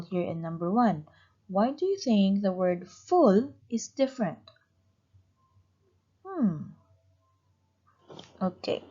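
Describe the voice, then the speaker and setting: Patient female teacher for young kids, very slow with a lively pitch, on a dull lo-fi recording. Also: husky. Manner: slow, patient, questions and praises pupils. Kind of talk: online class lesson for young children.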